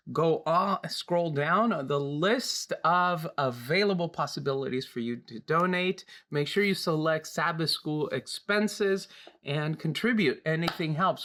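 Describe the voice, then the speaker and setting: A man hosting a church Sabbath School program, chatting casually with a co-host and making announcements, often repeating and restarting his phrases. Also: on the high side. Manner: warm, joking, restarts phrases. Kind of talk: church program talk and prayer.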